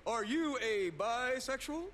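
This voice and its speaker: A man's voice: extremely high pitch, animated, takes it slowly, fairly bright tone, a little hiss or hum, heavily acted. An actor playing a brash, crude male biker gang leader in a video game cutscene, swaggering and preachy. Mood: mocking.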